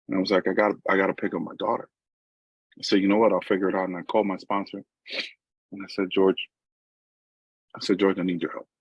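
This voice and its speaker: This recovery meeting speaker, a middle-aged man with a New York accent, talks fast in a low, slightly rough, level voice and pauses often. His story is conversational with many asides to listeners, and the echo-free recording has its high frequencies cut off.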